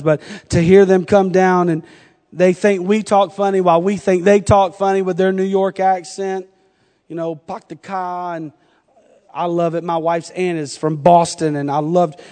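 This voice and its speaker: A man's voice: sits high, darkish tone, big-room sound. A middle-aged man from North Carolina with a Southern accent, preaching a sermon with humorous stories and frequent laughter. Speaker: pastor.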